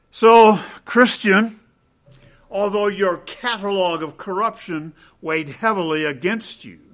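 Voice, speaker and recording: A man preaching an expository sermon, slow and emphatic, rising to loud stresses and dropping to quiet ends. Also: medium pitch.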